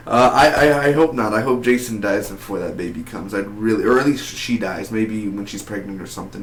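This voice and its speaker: A man giving a casual spoiler review of a TV episode, talking in an excitable, rambling way with lots of fillers and restarts. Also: fairly low pitch. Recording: echoey room.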